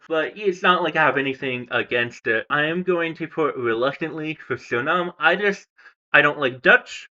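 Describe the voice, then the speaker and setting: A man's voice: medium pitch, pushed and bright, muffled recording. A young man from the United States hosting a casual language video, rambling and chatty with frequent fillers and restarts. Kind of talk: casual ranking commentary.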